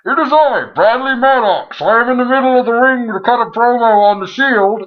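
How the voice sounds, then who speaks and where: A man putting on an impression of a male wrestler doing a Bane voice, slow, grandiose and theatrical. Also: very high-pitched, expressive, phone-quality sound, voice pushed up.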